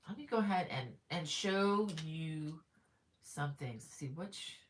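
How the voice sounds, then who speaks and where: A woman's voice: low-pitched, fairly bright tone, a little hiss or hum. A middle-aged woman hosting a crochet live stream in casual chat. She is chatty and upbeat, greets viewers by name, and fills her talk with ums and restarts. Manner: frequent ums and self-corrections. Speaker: crochet livestream host.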